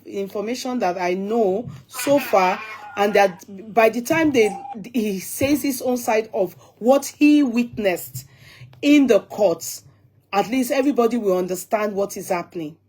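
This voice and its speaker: A woman's voice: medium pitch, measured pace, a little mellow. A woman in casual commentary as a vlog co-host, insistent and full of questions.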